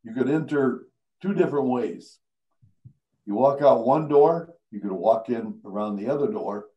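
An older man, a veteran radio announcer, telling stories on stage at a live event, animated and acting out the people he quotes. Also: medium pitch, moderate pace, lo-fi sound. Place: live event before an audience.

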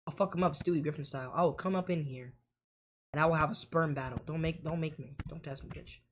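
A woman's voice: low-pitched, fast, background noise. A woman narrating her own horror game playthrough with profane, jokey, dramatic commentary. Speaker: gaming YouTuber. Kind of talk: horror game let's play.

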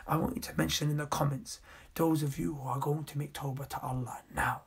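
A young male preacher speaks on a live stream in a hushed, breathy voice, earnestly pleading with his listeners. His tone stays flat and level, with a rough, gravelly edge and a very husky, airy texture. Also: fairly high pitch, a little fast. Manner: earnest pleading, reading viewer comments aloud. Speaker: Islamic preacher. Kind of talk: live-stream sermon reading comments.

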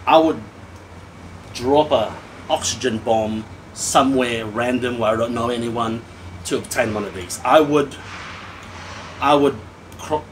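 A man's voice: medium pitch, a little hiss or hum, poor audio. Tipsy man ranting over a whisky. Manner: animated, ranting, swears freely. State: a little tipsy. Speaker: whisky reviewer. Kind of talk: casual tasting review.

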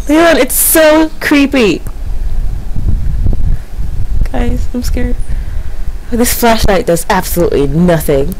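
A woman's voice: a little high, very animated, normal speed, slight background noise, rough recording. A woman in her early twenties commentating a horror game at home, panicky and self-mocking. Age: early 20s. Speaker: gamer. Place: home, windy night outside.

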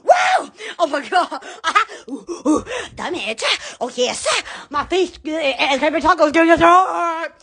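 A woman hosting a phone livestream from home, rambling giddily with lots of giggles, squeals and drawn-out exclamations. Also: high voice, sing-song, gravelly, a bit bright. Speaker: live-stream host. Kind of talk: silly, rambling livestream chatter.

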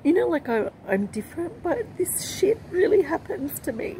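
A woman giving a personal vlog update, talking in an emotional, halting and rambling way. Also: very high voice, sing-song, mellow, slight background noise, low-quality recording. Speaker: vlogger. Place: outdoors with passing aircraft.

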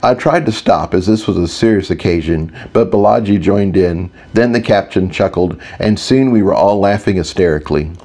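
A man narrating a fantasy audiobook in the first person with a steady, even delivery. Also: low voice, normal speed, hardly any pauses.

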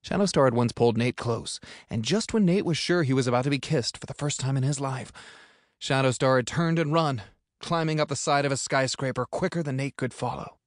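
A man's voice: mid-range voice, fairly quick, dry recording, clean studio sound. Upbeat man narrating an audiobook. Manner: upbeat, playful. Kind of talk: scripted narration.

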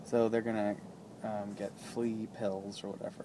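A man's voice: on the low side, normal speed, noisy background. Sick man rambling jokes in half-whispers. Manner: joking deadpan asides, drifting into whispers. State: sore infected throat. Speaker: vlogger. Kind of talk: rambling comic vlog. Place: waiting outside an animal hospital.

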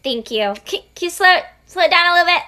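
A woman plays a flustered student on a video call, stumbling over ums and restarts. Her voice is high and bright. The scene is a comedy sketch. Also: expressive, quick pace, heavily acted. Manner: hesitant, flustered, many ums. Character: flustered student in online class.

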